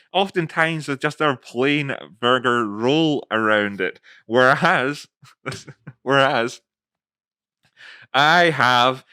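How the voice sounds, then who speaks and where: A man's voice: mid-range voice, sharp tone, clean tone, dry recording. A man playing a boastful, self-important male dictator in a jokey, rambling way, close to his own voice.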